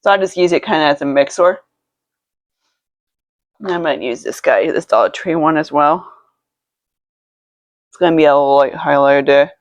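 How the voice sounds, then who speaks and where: A woman's voice: sits low, moderate pace, long pauses, dry recording. Rambling, foul-mouthed woman vlogger. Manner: rambling, profane storytelling with many restarts. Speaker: beauty vlogger. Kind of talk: casual chat while doing makeup. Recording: dull lo-fi, dry sound.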